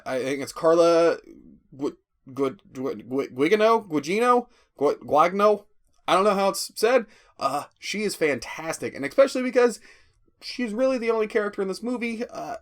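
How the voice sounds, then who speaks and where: A man giving a rambling, profane spoken movie review, often stammering and restarting. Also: on the high side. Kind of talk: casual spoken film review.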